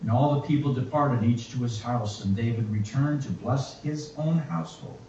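A man preaching a sermon and reading scripture aloud in a slow, reflective way. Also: mid-range voice, mellow, slight background noise. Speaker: pastor. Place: church. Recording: echoey, distant, muffled church recording.

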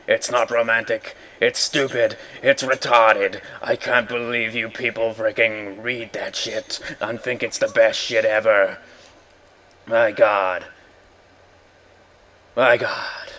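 A man's voice: mid-range voice, fairly even intonation, unhurried, pushed and bright. A young man ranting in a rambling, exasperated way, swearing often while commenting on a game. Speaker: gaming video host. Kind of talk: casual rant over gameplay.

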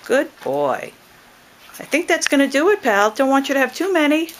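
A woman's voice: high voice, animated, quick pace, slight background noise. A woman filming at an animal shelter, casually chatting and coaxing a dog in a playful, baby-talk way. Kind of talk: casual chat, talking to a dog.

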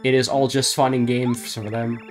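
A man on a live stream reading garbled game dialogue aloud in a deadpan comic voice, often breaking into laughter. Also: medium pitch, normal speed, over music.

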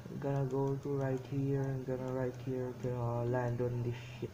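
A man's voice: medium pitch, completely flat delivery, moderate pace, background noise. A man giving rambling, self-amused commentary as he draws, in broken English phrasing. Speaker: drawing vlogger. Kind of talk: rambling commentary while drawing.

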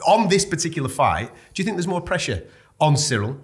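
A man presents a sports preview show at a quick clip. He is chatty and brisk, keeping the conversation moving between his guests. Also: fairly high pitch, big pitch swings. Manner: brisk, chatty, steers the panel.

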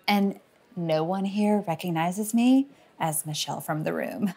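A woman telling her own story as the lead of a comedy mockumentary, earnest and self-deprecating, awkward and halting at an audition. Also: lowish voice, creaky, music in the background. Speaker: comedic narrator and lead character. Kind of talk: deadpan mockumentary narration.

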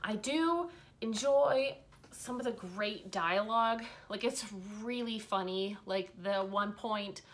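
A young woman chatting loosely to camera about her reading. Her voice sits at an ordinary middle pitch, and she rambles from one thought to the next with plenty of fillers. She is frank and swears freely as she goes. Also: slow. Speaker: book vlogger. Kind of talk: casual chat.

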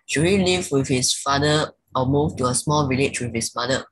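A student reading a passage aloud haltingly, correcting themselves. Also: medium pitch, slightly rough, no room sound, low-quality recording.

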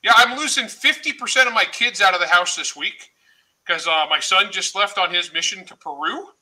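A middle-aged man chatting loudly on a livestream, joking and laughing often. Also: sits high, moderate pace, rough recording. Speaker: guest author. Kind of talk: casual livestream chat.

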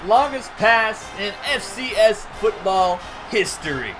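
Male gaming streamer, lively and animated, loud music in the background. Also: high voice, normal speed, few pauses. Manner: excitable, laughs often, breaks into shouting on big plays; chats with viewers. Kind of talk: live gameplay commentary.

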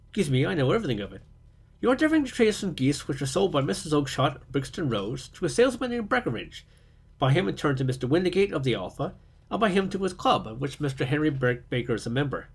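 Man reading as a cool clever detective, husky voice, bland and knowing, storybook. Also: a little high, heavily acted.

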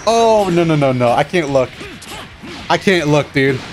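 A man giving excited, self-mocking commentary over his own fighting-game matches, groaning at losses and cheering at wins. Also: a little high, unhurried. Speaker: gaming channel host. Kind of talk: live gameplay commentary. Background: game music and sound effects.

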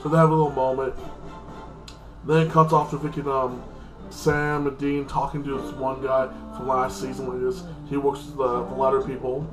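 A man's voice: mid-range voice, flat delivery, normal speed, echoey room, over music, poor audio. A man hosting his own channel, recapping a TV episode in a casual, rambling way, full of fillers. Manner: rambling, heavy with fillers like "like" and "freaking". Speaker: channel host reviewing a TV episode.

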